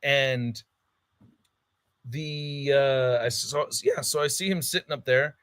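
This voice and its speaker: A man's voice: medium pitch, takes it slowly, fairly bright tone, smooth, no echo. A man on a podcast, telling a heated story in casual chat, swearing a lot and acting out what people said. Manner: heated storytelling, heavy swearing, acts out quotes. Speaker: podcast co-host.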